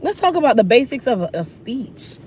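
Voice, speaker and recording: A woman's voice: fairly high pitch, a little fast, slight background noise. Sassy ranting woman, mouth full. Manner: animated, sassy, talks with food in mouth. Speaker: hair care vlogger. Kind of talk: casual rant while getting ready.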